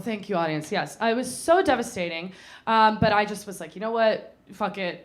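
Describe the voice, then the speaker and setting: A young woman tells a funny story from her teens to a live theater crowd. She is chatty and self-mocking, and her voice sits in an ordinary middle pitch. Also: expressive, moderate pace. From North Carolina. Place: small theater stage before a live audience.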